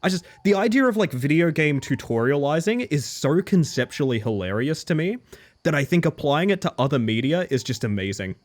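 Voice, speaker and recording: Animated sweary male game streamer. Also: fairly high pitch, brisk. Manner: animated, sweary, laughs often. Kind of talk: live game-streaming commentary.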